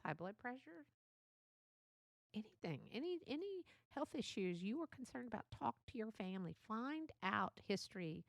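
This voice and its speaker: Chatty older woman with gravelly voice. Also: medium pitch, no echo. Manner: chatty and motherly, laughs often. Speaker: podcast host. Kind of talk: casual solo podcast talk.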